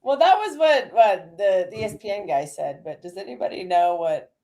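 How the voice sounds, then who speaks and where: Playful woman with a lively voice. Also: mid-range voice, moderate pace. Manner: playful, teasing. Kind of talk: casual live stream chat.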